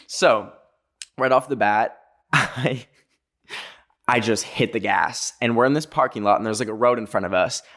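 Young man, from North America, casual storyteller, filler-heavy, self-correcting, mid-pitched voice. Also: moderate pace, long pauses, fairly bright tone. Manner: chatty, full of "like" fillers, jumpy self-corrections. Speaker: vlogger.

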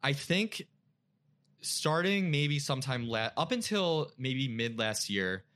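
A man's voice: mid-range voice, sing-song, slow pace, a bit bright. A young man, a podcast guest, telling an emotional personal story in casual chat, full of filler words.

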